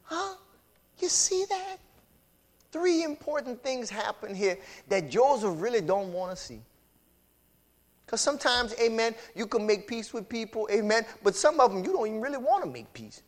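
A male preacher giving a sermon in a colloquial, repetitive style that builds from quiet explanation to shouted exclamations. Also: extremely high pitch, sing-song, moderate pace. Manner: colloquial, uses y'all.

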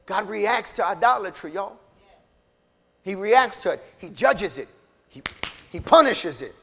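A man preaching a sermon. He drops to low asides, climbs to shouted peaks, and acts out dialogue between characters. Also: big pitch swings, a little slow, gravelly, a little hiss or hum. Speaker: pastor.

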